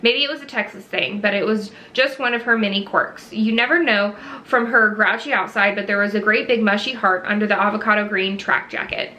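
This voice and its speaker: Bright-voiced woman reading a novel aloud. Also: medium pitch, brisk, a little hiss or hum. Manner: reads with small slips and restarts. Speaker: reader.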